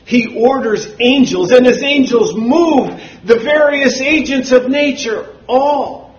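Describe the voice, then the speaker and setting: Slow, high-voiced preacher, booming and hushed. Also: male voice. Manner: swings from booming shouts to low murmurs. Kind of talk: sermon. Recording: roomy, dull hall recording.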